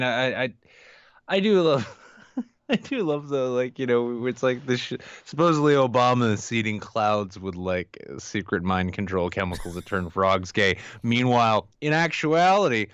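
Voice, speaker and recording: A man from Canada co-hosting a live podcast, riffing sarcastically and swearing, stumbling over his restarts. His voice is lowish and smooth. The dry audio sounds a bit dull and lo-fi. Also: a bit bright, no room sound. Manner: sardonic, profane riffing with stammered restarts. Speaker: podcast co-host. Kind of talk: casual live-stream chat.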